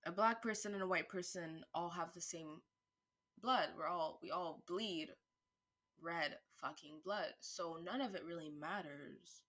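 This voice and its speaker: A woman vlogger thinking aloud in a casual monologue, rambling with restarts, swearing freely, and turning louder and higher when worked up. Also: measured pace. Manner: animated, rising pitch and volume when worked up.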